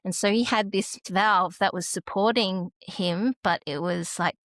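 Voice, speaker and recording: A woman's voice: mid-range voice, unhurried, fairly bright tone, dry recording. An Australian woman, a podcast guest, telling an emotional personal story. She is close to tears and often restarts her sentences.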